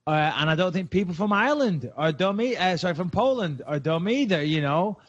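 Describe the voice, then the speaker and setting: Male podcast host from England, higher voice, muffled lo-fi audio, sarcastic banter. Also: expressive, a little fast. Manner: joking, sarcastic, swears freely.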